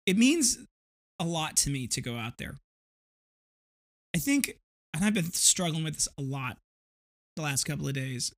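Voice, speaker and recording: A man's voice: fairly high pitch, expressive, a little slow, long pauses. A man in his thirties hosting a podcast, telling a rambling, vivid story with frequent restarts. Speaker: podcast host. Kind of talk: casual storytelling monologue.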